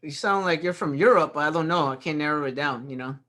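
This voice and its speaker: A man with a Brooklyn-sounding accent jokes and teases his way through a casual group chat. His voice sits a little high for a man. His talk is loose and playful. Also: quick pace, fairly bright tone. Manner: joking, teasing. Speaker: host.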